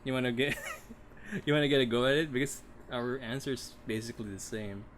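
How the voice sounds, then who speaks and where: A man's voice: mid-range voice, brisk, a bit bright, slight background noise. A man co-hosting a casual podcast chat, giggling often and stumbling over restarts. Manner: giggly, stammering with many restarts. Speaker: podcast co-host.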